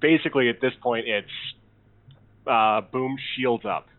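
A man in a tabletop game talks through his options out loud before he settles on orders. His voice comes over a thin, phone-like line, and his pitch sits in an ordinary middle range. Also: measured pace. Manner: thinks aloud, weighing options. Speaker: player. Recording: tinny call audio.

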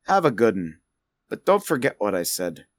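A man's voice: on the low side, very animated, moderate pace, dry recording. Grimnir, a folksy barkeep put on by a man. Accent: deliberately bad put-on accent.

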